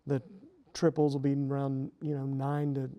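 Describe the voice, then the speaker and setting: A middle-aged professor talking casually as an interview guest, explaining at length with many fillers and restarts. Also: male voice, medium pitch, monotone, normal speed, mellow.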